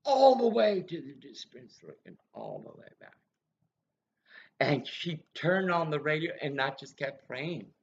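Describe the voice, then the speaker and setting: A woman's voice: deep voice, very animated, measured pace, creaky, dull audio. A woman ranting angrily and bitterly in a rambling monologue that jumps between accusations.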